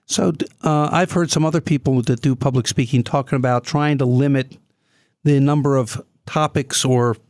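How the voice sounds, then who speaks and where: A man of ordinary pitch hosts a business podcast, asking casual questions and often restarting his phrases. His voice is recorded close and dry. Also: steady tone, normal speed, a little mellow, no room sound.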